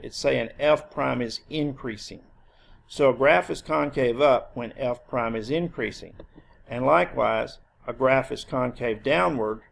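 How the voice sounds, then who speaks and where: A man with a gravelly, creaky voice gives a recorded math lecture. His pitch sits in a middle range, and he explains step by step in a relaxed way, with the odd restart. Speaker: math teacher.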